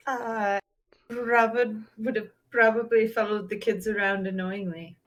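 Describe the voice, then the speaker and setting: A woman's voice: medium pitch, fairly even intonation, a little slow. A woman playing a character in a tabletop game, with a playful, joking manner. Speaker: player.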